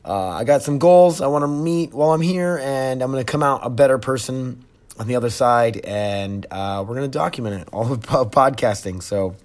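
A man's voice: medium pitch, normal speed, a little mellow. Candid man podcasting from his phone. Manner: candid, rambling, with many restarts and fillers. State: emotional. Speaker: podcast host. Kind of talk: casual solo podcast talk. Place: residential treatment facility, indoors.

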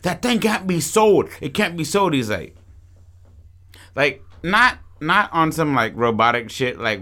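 A male podcast co-host casually pitches a movie plot, telling it in a profane, animated way full of restarts.

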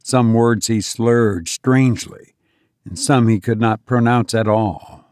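A man reading a first-person adventure story aloud in a measured, deliberate way. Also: lowish voice, darkish tone, no echo, studio quality. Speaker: narrator.

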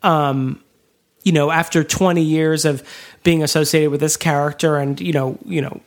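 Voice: medium pitch, steady tone, moderate pace. A podcast co-host in casual chat, making dry joking asides.

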